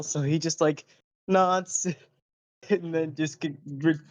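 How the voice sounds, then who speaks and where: A man's voice: mid-range voice, a little mellow, no echo. Joking man playing a tabletop game. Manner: joking, laughs between lines. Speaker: player.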